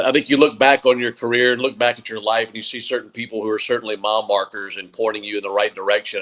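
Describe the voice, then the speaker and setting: A man's voice: on the low side, fairly bright tone, rough recording. A man in his forties, a sports broadcaster, giving thoughtful interview answers with frequent fillers and restarts. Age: 40s.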